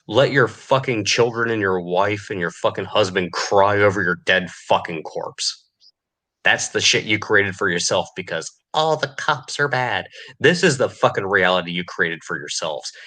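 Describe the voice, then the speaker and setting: A man's voice: on the low side, moderate pace, bright, forceful tone. A man delivering an angry, profane podcast rant, sneering and furious. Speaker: podcast host.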